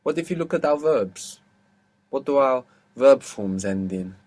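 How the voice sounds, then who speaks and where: A man teaching an audio language lesson, patiently asking questions and repeating words slowly. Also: medium pitch, expressive, darkish tone.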